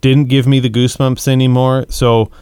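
Smooth-voiced man, measured podcast co-host, dry close mic. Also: medium pitch, flat delivery, darkish tone, dry recording. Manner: rambling, searches for words, measured. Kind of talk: casual movie discussion.

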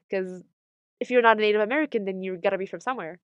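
A young woman from Morocco, speaking candidly in an interview, animated and sardonic, laughing often as she talks. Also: medium pitch, very fast, smooth, dry recording, muffled recording.

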